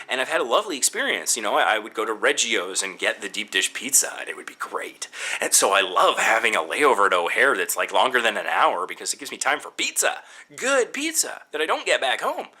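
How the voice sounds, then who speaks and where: A man casually recounting a travel anecdote in an exasperated, animated storytelling manner. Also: mid-range voice, fairly quick, husky.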